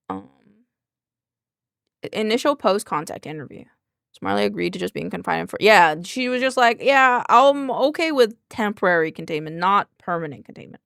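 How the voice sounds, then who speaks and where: A woman's voice: on the low side, vocal fry, no room sound. A woman streamer reading a document aloud with chatty, thinking-aloud asides into a close desk microphone. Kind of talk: reading aloud with casual commentary.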